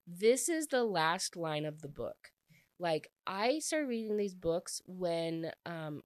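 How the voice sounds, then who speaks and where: A woman's voice: sits low, no room sound. A woman casually recapping a book plot, rambling with lots of filler words. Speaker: book reviewer.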